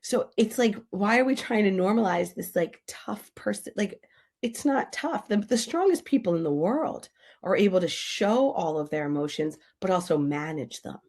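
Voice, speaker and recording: A woman talking on a podcast as a grief expert, her voice carrying a gravelly, fried edge. She speaks with emphatic energy and slips into little acted-out voices to make her points. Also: medium pitch, normal speed. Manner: animated, emphatic, acts out quoted voices. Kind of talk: podcast interview.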